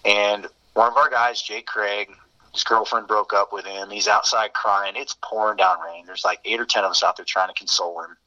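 A man's voice: lowish voice, steady tone, normal speed, bright, forceful tone. A man telling fraternity-days stories in a rambling, laid-back way, heard over a muffled remote line. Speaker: interview guest. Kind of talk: casual storytelling.

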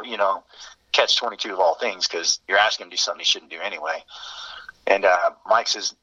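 A man's voice: sits low, fast talker, sharp tone. A man telling fraternity-days stories in a rambling, laid-back way, heard over a muffled remote line. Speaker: interview guest. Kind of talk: casual storytelling.

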